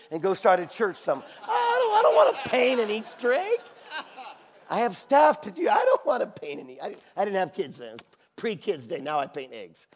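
A man delivers a sermon in a fairly high voice, spinning a personal story with lively acted-out dialogue. He laughs readily and drops to a hushed, earnest tone when the story turns serious. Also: gravelly. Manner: animated, acts out voices in his anecdotes, laughs often; drops to a quiet, low, intimate tone for serious parts. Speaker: preacher.

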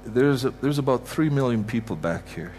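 A man's voice: mid-range voice, lively intonation, moderate pace, a little mellow, slight background noise. Emphatic preacher man from Canada. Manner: emphatic, repetitive, heartfelt blessings. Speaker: guest preacher. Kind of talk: sermon. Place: church sanctuary.

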